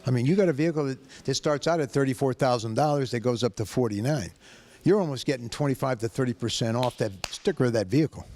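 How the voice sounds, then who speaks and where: A man from the area pitching his own car dealership in a loud, brash, excitable TV ad style. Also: fast talker. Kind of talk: hyped dealership TV ad.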